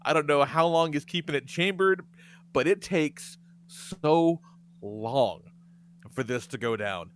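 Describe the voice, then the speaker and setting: A man hosting a podcast, telling profane, animated stories in casual chat and laughing often. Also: fairly high pitch, takes it slowly, slight background noise. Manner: profane, animated storyteller who laughs a lot. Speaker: podcast host.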